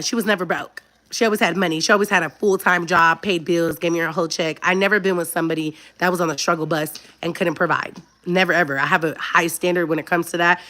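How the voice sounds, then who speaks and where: A woman's voice: lowish voice, a bit bright. A woman hosting a casual livestream chat, talking candidly and directly to her viewers. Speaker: livestream host.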